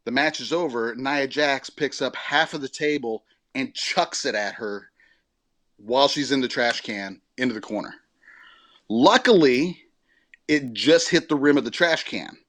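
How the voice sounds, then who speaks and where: A man of ordinary pitch co-hosts a casual podcast and talks through his opinions in a loose, rambling way. He keeps stopping to correct himself. His voice is recorded close and dry, with no room sound at all. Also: measured pace, a bit bright, no room sound. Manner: rambling, self-correcting storytelling. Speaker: podcast co-host. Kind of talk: casual chat.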